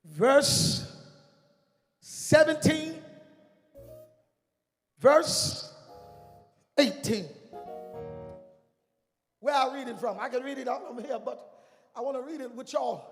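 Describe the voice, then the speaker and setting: A male guest preacher delivering a Pentecostal sermon, calling for responses from the congregation and rising to shouted, sing-song cadences. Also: very high-pitched, fast talker, in a large hall, faint music behind. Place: large church sanctuary.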